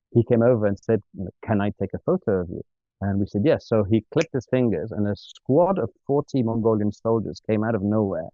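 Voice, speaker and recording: Male interview guest, lowish voice, self-mocking storyteller who acts out dialogue, tinny phone-quality audio. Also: no echo. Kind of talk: telling a funny travel story. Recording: dry, tinny phone-like sound.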